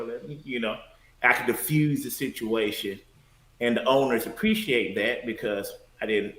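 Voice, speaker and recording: Bright-voiced man in an echoey room. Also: on the low side, normal speed. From Detroit, USA. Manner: relaxed, storytelling, laughs easily. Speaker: podcast guest, former bouncer. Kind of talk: casual chat.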